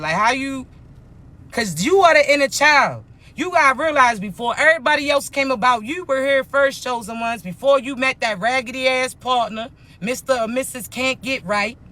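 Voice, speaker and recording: A woman coach delivers a motivational spiritual talk with a bright, forceful edge to her voice. She speaks bluntly and emphatically, in heavy slang with plenty of swearing. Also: high voice.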